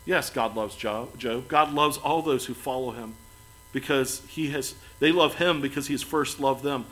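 A man preaching a sermon as pastor, earnest, building to emphatic lines and then dropping soft and quiet. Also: mid-range voice, normal speed, poor audio.

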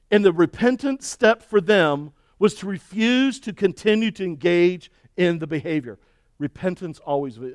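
A man's voice: fairly high pitch, dry recording, studio quality. A man preaching a sermon as pastor, emphatic and folksy, leaning on rhetorical questions and repeated words.

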